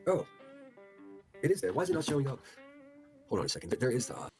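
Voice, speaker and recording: A man's voice: mid-range voice, wildly swooping pitch, fast, darkish tone, soft background music. A man hosting a livestream, reading posts aloud with incredulous, profane commentary. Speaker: livestream host.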